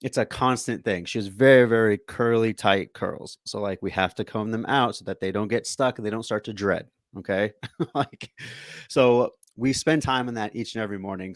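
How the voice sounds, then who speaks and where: Male podcast host, low voice, dry close sound, animated storyteller who laughs a lot. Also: dry recording. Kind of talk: casual podcast conversation.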